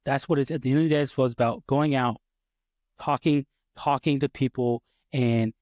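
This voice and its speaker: A man co-hosts a casual faith podcast with eager, rambling enthusiasm. He trips over his words and starts sentences again as he goes. His voice sits at an ordinary pitch, and the recording sounds dry and close. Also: fairly even intonation, normal speed, darkish tone, no echo, muffled recording. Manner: enthusiastic, rambling, many restarts. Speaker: podcast co-host.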